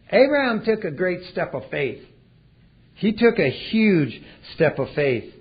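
Male preacher, folksy sermon, fairly high voice, loud-to-hushed swings; dull lo-fi recording. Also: husky.

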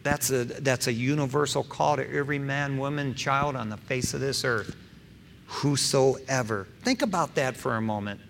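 A middle-aged man preaching a sermon as pastor, emphatic, swinging between loud stressed phrases and soft asides, with casual fillers like "you know" and "man". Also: mid-range voice, vocal fry. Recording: long hall reverb with faint background noise.

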